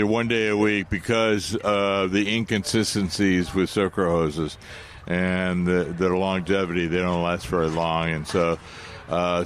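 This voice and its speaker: Man, very low voice, halting, explanatory, call-in radio co-host, faint background hum. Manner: halting, many restarts, explanatory. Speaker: radio garden show co-host. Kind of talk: casual call-in radio chat.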